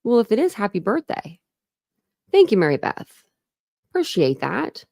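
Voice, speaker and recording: A woman's voice: mid-range voice, huge pitch swings, normal speed, gravelly, darkish tone. A woman at home, chatting casually on her livestream, rambling from one thought to the next and laughing often. Her voice sits mid-range and sounds close and dry, with no room echo. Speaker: true crime livestream host. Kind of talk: casual livestream chat greeting viewers.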